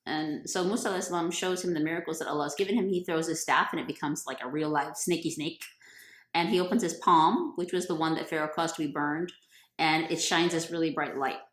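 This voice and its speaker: A woman's voice: low-pitched, fairly quick. A woman retelling a religious story in a playful, chatty, slangy way. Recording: roomy echo.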